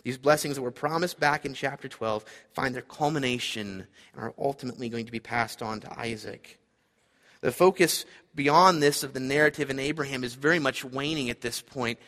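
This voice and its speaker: A man's voice: medium pitch, moderate pace, fairly bright tone, big-room sound. A man preaching a sermon, earnest and emphatic, repeating his key points. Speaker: pastor.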